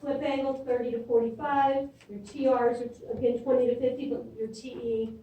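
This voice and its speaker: A woman's voice: fairly high pitch, little pitch movement, moderate pace, dark tone, dull audio, a little hiss or hum. A middle-aged woman teaching a classroom lecture in a conversational way, often checking in with "okay?". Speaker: imaging instructor. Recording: echoey room from far off.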